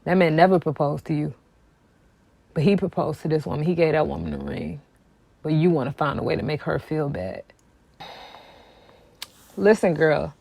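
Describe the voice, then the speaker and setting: A woman's voice: low-pitched, expressive, normal speed, gravelly, pauses often, warm tone, no room sound. A woman giving casual commentary on a song, sassy and emphatic, hammering her points by repeating them. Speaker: music commentary vlogger.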